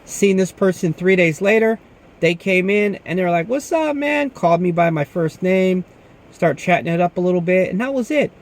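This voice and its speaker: Young male security guard, easygoing storyteller, slightly high voice. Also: moderate pace. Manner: laid-back, says "man" often, tells stories with quoted dialogue. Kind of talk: casual talk to camera.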